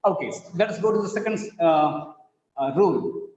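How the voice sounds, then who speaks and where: A man teaching an English pronunciation lesson, spelling words out letter by letter and repeating each word slowly several times. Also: high-pitched, darkish tone. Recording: echoey room, dull lo-fi sound.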